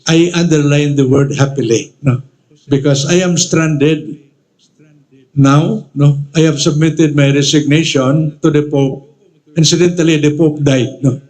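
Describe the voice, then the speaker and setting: A man's voice: on the high side, steady tone, measured pace, a little mellow, low-quality recording. A man in his seventies from the Philippines, with a Filipino accent, giving a conversational, self-deprecating acceptance speech as an archbishop. He often tags his sentences with a questioning "no?". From Philippines, Iloilo. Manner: conversational, keeps adding a questioning "no?" as a tag. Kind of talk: formal acceptance speech with humor.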